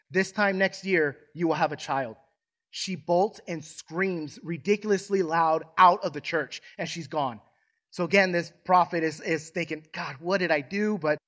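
A man's voice: sits high, a bit bright. A man preaching a sermon as pastor in a church, asking the congregation questions and calling for amens. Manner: preaches with rhetorical questions and call-and-response. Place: church sanctuary.

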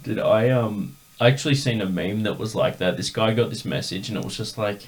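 A man's voice: fairly low pitch, fairly quick. A man hosting a podcast, telling a rambling story in casual chat with lots of fillers. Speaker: podcast host.

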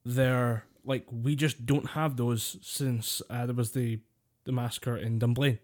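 Rambling British podcast co-host. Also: male voice, mid-range voice, flat delivery, measured pace, darkish tone. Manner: rambling, wry, laughs often. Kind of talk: casual chat.

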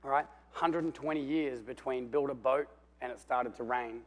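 A man preaching a sermon, telling the story with animation and swinging between loud and hushed while calling out for amens. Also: medium pitch, normal speed. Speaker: pastor.

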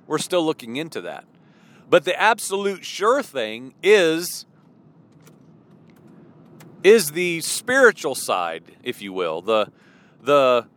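A man's voice: on the high side, fairly bright tone. A man giving an earnest sermon-style teaching, full of rhetorical questions and restarts. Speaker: preacher.

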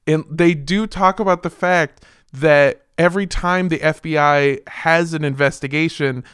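A man co-hosting a casual podcast, reading sponsor shout-outs in a jokey, rambling way and laughing often. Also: on the high side, steady tone, measured pace, smooth, dry recording, studio quality. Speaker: podcast co-host.

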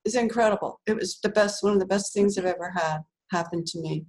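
A middle-aged woman telling a personal story in a relaxed, chatty way, with lots of fillers, restarts and laughs. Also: mid-range voice, quick pace, low-quality recording. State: tearful while remembering. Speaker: author, interview guest. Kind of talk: casual storytelling.

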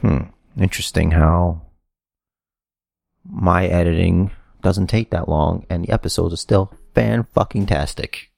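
A man's voice: low voice, fairly even intonation, a little slow, gravelly, darkish tone, no room sound, clean studio sound. A man co-hosting a casual wrestling podcast, sarcastic and given to profane rants. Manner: sarcastic, ranting, swears a lot. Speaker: podcast co-host. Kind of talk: casual chat.

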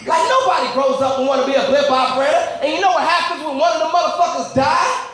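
High-pitched guy doing stand-up, rambling and cussing, super echoey room. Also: animated, fast, a bit bright, a little hiss or hum. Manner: profane, rambling, mock-outraged rants. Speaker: stand-up comedian. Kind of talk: stand-up comedy set.

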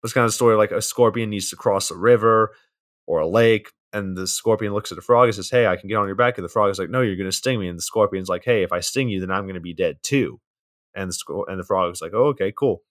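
A man with a fairly low voice talks through a movie's plot in a relaxed podcast chat. He keeps it loose and profane, tossing in casual asides as he goes. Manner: laid-back plot recap, swears often. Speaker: podcast co-host.

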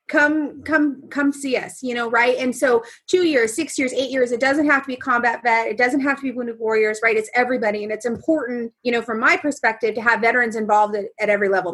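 A woman guest on a casual podcast, an animated storyteller who keeps adding "right?" and "you know". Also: a little high, slightly rough. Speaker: guest, veteran fishing trip volunteer.

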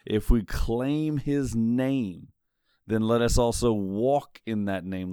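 A man with a low, smooth, resonant voice delivers a sermon. He reads scripture in a measured, emphatic way, leaning on key words. The sound is dry and close, with no room echo. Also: dark tone. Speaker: preacher.

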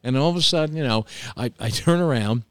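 A man's voice: mid-range voice, fast talker, clean tone. A man who owns a restaurant, telling stories in casual chat, acting out what people said and swearing freely. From New York. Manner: animated, profane storyteller acting out quotes. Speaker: restaurant owner, guest. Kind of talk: casual storytelling.

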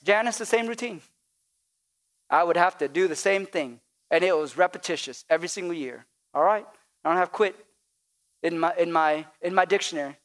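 A man's voice: sits high, normal speed, fairly bright tone. A male pastor preaching a sermon, with call-and-response and repetition that builds to emphatic peaks.

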